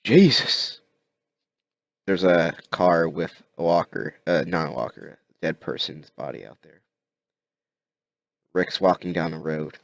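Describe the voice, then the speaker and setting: A man narrating a comic story aloud as an amateur reader, halting with frequent restarts and fillers. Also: a bass voice, gravelly, no room sound, clean studio sound.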